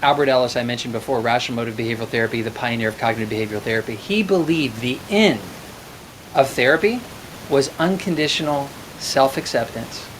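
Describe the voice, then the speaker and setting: Against a noisy background, a fast-talking man of medium pitch hosts a live call-in show. He reflects on faith and therapy in a preachy tone, quoting scripture as he goes.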